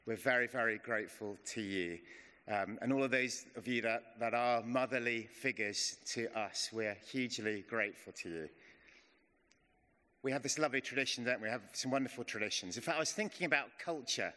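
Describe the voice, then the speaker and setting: Chatty preacher in a reverberant hall. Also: male voice, medium pitch. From England. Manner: chatty and self-deprecating, slows to a hush in prayer. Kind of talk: informal sermon. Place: church hall. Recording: long reverb of a church hall.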